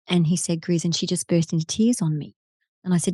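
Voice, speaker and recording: An Australian woman, a TV presenter and keynote speaker, telling an effusive, animated story in a podcast interview. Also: fairly low pitch, fast, no room sound, studio quality. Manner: effusive, animated storyteller who voices quoted people. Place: podcast studio.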